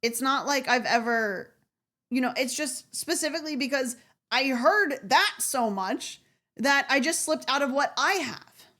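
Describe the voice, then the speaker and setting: A woman's voice: high-pitched, lively intonation, bright, forceful tone. A young woman streamer with a faint Southern US accent, chatting casually with viewers in a rambling way, full of "like" and restarts. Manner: rambling, heavy on "like" and restarts, quick laughs.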